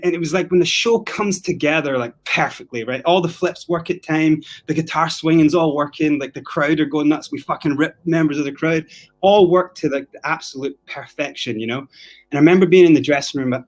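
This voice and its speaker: A man from Scotland telling a story on a casual podcast, swearing freely and acting out the things people said to him. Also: a little high. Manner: animated, profane, acts out quotes. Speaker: guest storyteller.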